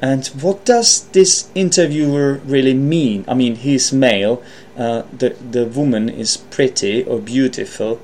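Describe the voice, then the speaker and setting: A man's voice: mid-range voice, measured pace, darkish tone. A man hosting an English-learning podcast, explaining vocabulary in a loose, thinking-aloud way, with frequent ums and restarts while partly reading from notes. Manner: hesitant, thinking aloud with many ums and self-corrections. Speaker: English teacher and podcast host.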